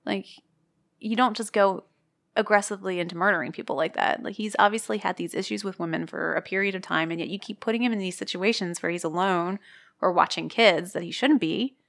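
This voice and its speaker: Animated woman laughing through a movie chat. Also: medium pitch, fairly quick, vocal fry. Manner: animated, laughing, mimics characters. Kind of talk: casual movie discussion.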